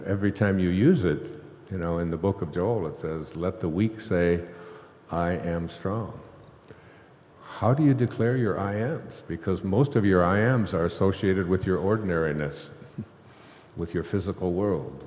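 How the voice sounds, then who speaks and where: Deep low guy rambling thru a spiritual story, big echoey hall. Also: a little mellow. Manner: rambling storyteller, laughing often. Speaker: host. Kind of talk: spiritual talk on stage. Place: hall with live audience.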